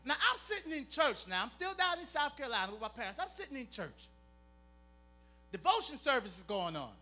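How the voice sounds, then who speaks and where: A man's voice: very high voice, big pitch swings, fairly quick, pushed and bright, soft background music. A man performing clean stand-up comedy, playful and teasing the crowd.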